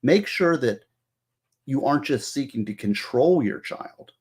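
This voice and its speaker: A man's voice: mid-range voice, expressive, unhurried, a little mellow, husky. A middle-aged man, a former prosecutor, giving earnest advice in casual talk, lecturing with many restarts. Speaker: former juvenile prosecutor, guest.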